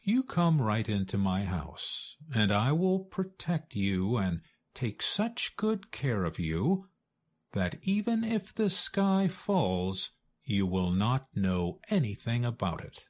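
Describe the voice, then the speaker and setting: A man voicing a sly, cunning female fox in a storybook reading, speaking in a smooth, soothing way. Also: on the low side, sing-song, slow, darkish tone, full character voice. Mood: coaxing.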